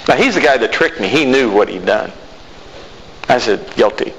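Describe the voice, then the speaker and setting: A man delivers a sermon built around a personal testimony, voicing himself and the other people in the story. His pitch rises and falls in wide, animated swings. He is heard in a hall with a long reverb and a faint noise floor. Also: normal speed. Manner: animated storytelling, acting out both sides of conversations. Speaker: pastor.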